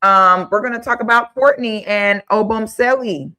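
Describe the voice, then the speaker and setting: A woman's voice: mid-range voice, moderate pace, sharp tone. A young woman hosting a casual livestream, blunt and outspoken, thanking viewers by name. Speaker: livestream host.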